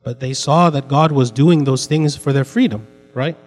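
A man's voice: mid-range voice, moderate pace, in a large hall. A man teaching an interactive Bible class, repeating his points and putting questions to the students. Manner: repetitive, asks the class questions.

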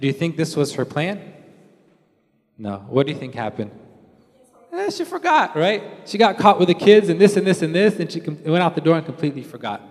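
A man preaching in a relaxed, conversational way, slipping into little quoted voices to act out everyday scenes. His voice sits a touch high for a man. It rings out with a long reverb, as if in a large hall. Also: a little fast. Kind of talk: sermon.

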